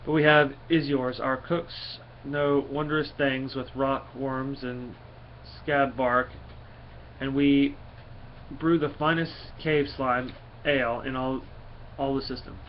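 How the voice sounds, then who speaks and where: A man's voice: medium pitch, level tone, slow, slight background noise, lightly acted. A man voicing a humble, pleading old male village elder from a comic, earnest and plain. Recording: dull lo-fi recording.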